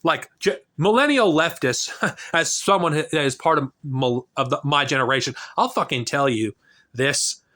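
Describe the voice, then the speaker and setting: A man's voice: on the high side, normal speed, bright, forceful tone. A man in his thirties delivering an angry, profane political rant to a camera, talking heatedly and restarting his sentences often. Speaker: political vlogger. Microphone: camera mic.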